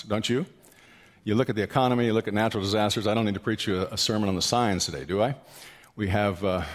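A man with a fairly low voice preaches a sermon in a church hall. His voice carries a long reverb, and he asks the congregation questions as he goes. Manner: storytelling, rising to loud animated peaks. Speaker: pastor.

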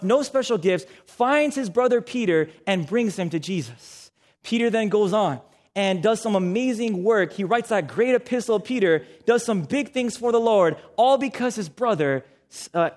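A man's voice: high voice, animated, normal speed. A young man preaching a sermon, engaging the audience with questions and calls for responses.

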